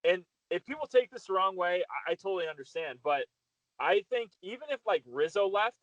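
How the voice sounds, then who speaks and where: A man joins a podcast as a guest, gushing with thanks and often starting sentences over. His voice sits slightly high and comes through a dull, lo-fi remote line. The sound is dry, with no room around it. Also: lively intonation, a little fast, a bit bright, dry recording. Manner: effusive, with frequent restarts. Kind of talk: casual podcast chat.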